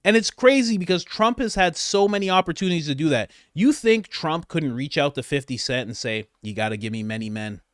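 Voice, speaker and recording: A man, a comedian, giving comedic political commentary in an animated, laughing, incredulous way. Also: high-pitched, brisk, hardly any pauses, no room sound, studio quality.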